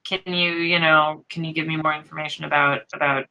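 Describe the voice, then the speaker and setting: A woman's voice: low-pitched, flat delivery, brisk, bright, forceful tone, dull audio. A woman playing a tabletop game, casual and hesitant with many fillers. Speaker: player.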